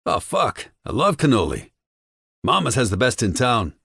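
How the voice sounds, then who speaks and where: Man doing a loud, hotheaded mafia henchman. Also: mid-range voice, wildly swooping pitch, normal speed, creaky, breathy edge, voice pushed up, heavily acted. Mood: excited. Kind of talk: audiobook character voice.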